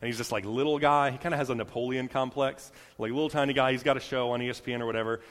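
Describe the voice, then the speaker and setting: A young man delivers a sermon in an easy, chatty way, full of fillers and quick restarts. His voice is middle-pitched, and it rings out into a large hall with a long tail of reverb. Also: fairly even intonation, fairly bright tone. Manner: conversational, many fillers and restarts, acts out quotes. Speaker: preacher. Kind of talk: casual sermon.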